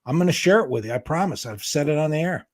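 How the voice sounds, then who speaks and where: A man bantering on a talk show with a high voice that swoops up and down. He jokes easily and backs up his co-talker. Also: animated, fast. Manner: joking, sympathetic banter. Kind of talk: casual radio-style chat.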